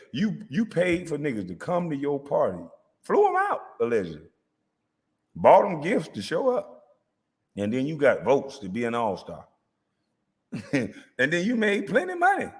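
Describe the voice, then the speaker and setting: A man's voice: mid-range voice, big-room sound. A man hosting his own channel, delivering a profane, taunting rant full of rhetorical questions. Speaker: host.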